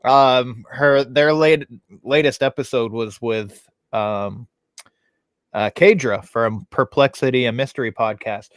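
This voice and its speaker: A man's voice: medium pitch, takes it slowly, dry recording. A man in his thirties hosting a podcast, telling loose stories full of swearing and fillers. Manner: loose storytelling, heavy swearing, frequent fillers. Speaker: podcast host. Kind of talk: casual chat.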